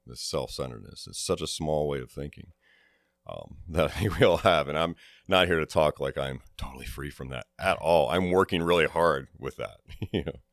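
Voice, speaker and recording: A man's voice: extremely low pitch, moderate pace, gravelly, dry recording, clean studio sound. A man on a recovery podcast, talking reflectively and challenging listeners with rhetorical questions. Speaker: podcast co-host.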